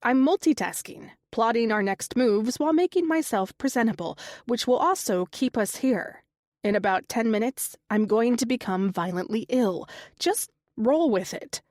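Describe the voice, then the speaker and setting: A cheeky, quick-witted young woman with a lifted, teasing voice, read by a woman narrator. She sounds upbeat and playful. The sound is close and dry. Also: a little high, lively intonation, darkish tone, no room sound, close to an everyday voice.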